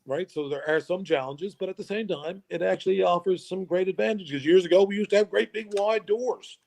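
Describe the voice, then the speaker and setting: A male guest from Newfoundland, Canada, with a high-sitting, darkish voice and vocal fry, talks a little fast. He's a jokey storyteller in a casual interview chat who laughs often and restarts phrases.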